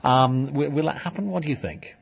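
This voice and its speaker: A man's voice: mid-range voice, brisk, gravelly, husky. A man hosting a radio talk show, joking and rambling with plenty of fillers. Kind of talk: casual banter on local radio.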